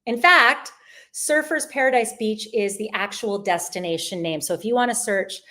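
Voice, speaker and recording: A woman's voice: mid-range voice, moderate pace, bright, forceful tone. A woman hosting a live online travel sale, chatting in an upbeat, rambling way as she presents deals and answers viewer questions. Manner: chatty and upbeat, with frequent restarts. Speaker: livestream sale host. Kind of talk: live shopping stream presenting.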